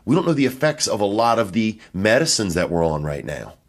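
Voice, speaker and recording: Deep-voiced man rambling through a comic monologue. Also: big pitch swings, brisk. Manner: loose, profane, offhand storytelling. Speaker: podcast host and comedian. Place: hotel room.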